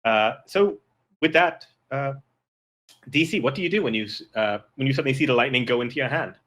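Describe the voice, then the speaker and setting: A man's voice: mid-range voice, a little fast, a bit bright. A man narrating a tabletop game as game master, rambling with many fillers and restarts.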